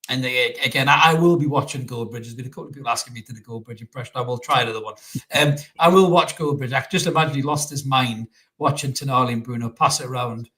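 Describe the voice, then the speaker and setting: A man's voice: mid-range voice, quick pace. A man co-hosting a live football reaction show, joking and swearing freely. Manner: sweary, jokey, repeats words when excited. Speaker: football podcast co-host. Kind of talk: live post-match reaction chat.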